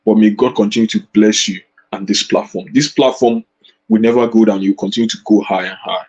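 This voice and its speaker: A Nigerian man speaking at an online debate, effusive and grateful, with halting starts. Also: fairly low pitch, steady tone, a little mellow, husky. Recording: dull lo-fi online call audio.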